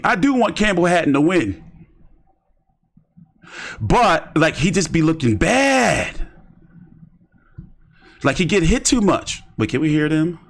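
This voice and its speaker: A man's voice: on the high side, very animated, unhurried, long pauses, a bit bright. A man giving rambling, slangy commentary on boxing during a casual live stream. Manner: rambling, slangy, talks to himself while browsing.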